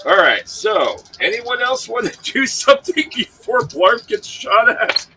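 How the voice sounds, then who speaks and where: A man running a tabletop role-playing game as game master, who laughs often and shouts out the characters' lines. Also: extremely high pitch, big pitch swings, a little slow, a little hiss or hum, rough recording.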